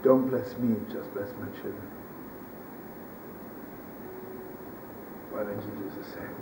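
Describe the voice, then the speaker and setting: A man's voice: mid-range voice, normal speed, close to an everyday voice. A man voicing an old rabbi who pleads with God in anguish, in an echoey archival recording made from a distance. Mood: pleading. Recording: roomy archival recording from a distance, faint hiss.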